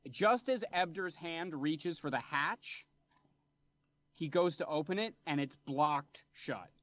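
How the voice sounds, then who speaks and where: A young man narrating as game master of a tabletop fantasy game, in relaxed storytelling. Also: on the high side, slow pace, highs cut off. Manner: relaxed storytelling with brief voiced characters.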